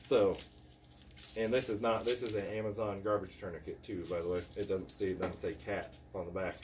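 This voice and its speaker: A man's voice: low-pitched, flat delivery, a little fast, noisy background. A man from Indiana teaching a hands-on medical class in a casual, blunt, joking way. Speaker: tactical medicine instructor.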